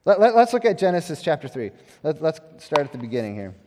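A male pastor giving a conversational, animated sermon, often repeating words as he restarts. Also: a little high, fast, noisy background. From United States. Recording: long hall reverb.

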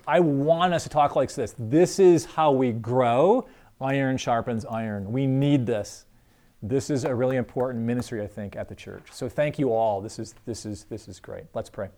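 A man leading an informal church group discussion, talking earnestly with many pauses and restarts, then closing in prayer. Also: medium pitch, darkish tone.

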